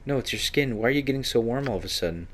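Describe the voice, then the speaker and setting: A man's voice: mid-range voice, expressive, rapid-fire, a little hiss or hum, voice pushed up, close to an everyday voice. A man reading an earnest amnesiac hero.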